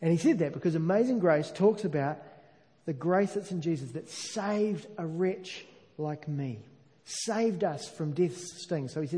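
Earnest high-voiced preacher in a reverberant hall. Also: male voice, lively intonation, dark tone. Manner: earnest, emphatic, slows down on key phrases. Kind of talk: sermon.

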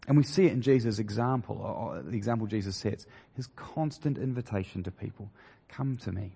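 A man preaching a sermon in a conversational, halting way, with many fillers and restarts, in a church hall. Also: lowish voice, gravelly, mellow, breathy edge. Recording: long hall reverb.

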